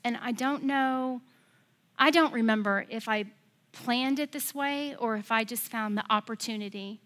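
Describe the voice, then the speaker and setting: A woman's voice: on the high side, moderate pace, a bit bright. A middle-aged American woman pastor preaching a sermon, telling a personal story and building to passionate exhortation.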